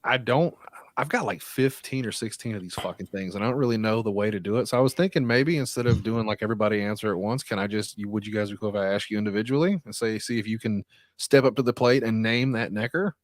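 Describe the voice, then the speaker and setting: A man's voice: on the low side, fast. A man hosting a podcast, talking in loose, profane banter and laughing easily. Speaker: podcast host.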